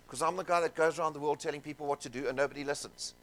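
Man, seminar speaker, slightly high voice, animated, jokey, talks to the room. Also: rapid-fire. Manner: animated, jokey, with asides to the crowd. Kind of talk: keynote storytelling to an audience. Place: conference room.

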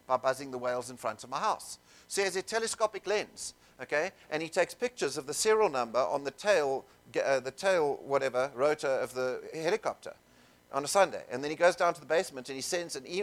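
A man telling stories to a seminar audience, animated and jokey, with asides to the crowd in a conference room. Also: on the high side, fairly quick. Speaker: seminar speaker. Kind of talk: keynote storytelling to an audience.

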